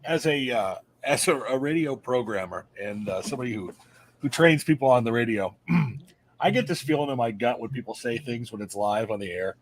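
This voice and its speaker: A man's voice: mid-range voice, animated, normal speed, rough recording. A man who works as a radio programmer, explaining a point with good humor on a podcast. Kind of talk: casual chat.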